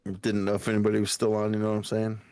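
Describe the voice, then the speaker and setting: A man's voice: fairly low pitch, completely flat delivery, rapid-fire, a little mellow, dry recording. A man co-hosting a podcast, chatting loosely and rambling at the end of a long stream. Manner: rambling, loose, tries out silly voices mid-sentence. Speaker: podcast co-host. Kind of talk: casual late-night chat.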